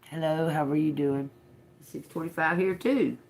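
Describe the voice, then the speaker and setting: Hosting a relaxed tarot livestream, this man speaks straight to viewers, laughs a lot, and swears as he snaps back at chat. His slightly high voice has vocal fry, fairly even intonation, and a normal speed.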